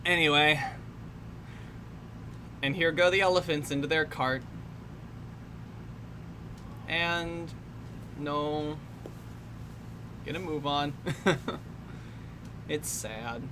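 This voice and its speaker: A young woman with a low voice offers casual, wry commentary over a film, speaking very slowly and pausing often. She laughs a lot and lets sentences trail off, with faint background noise behind her.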